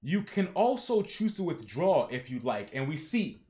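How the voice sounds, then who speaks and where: A man's voice: a little high, a little slow. A young man streaming a live reaction, reading comic dialogue aloud with slangy asides and doing the characters' lines. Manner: animated, slangy, reads character lines in voices.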